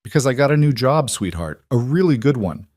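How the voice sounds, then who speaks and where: A man voicing a weary single father who speaks in a cautious, earnest and gently tender way. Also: medium pitch, lively intonation, brisk, no room sound, studio quality, pitched above the performer's own voice, natural voice.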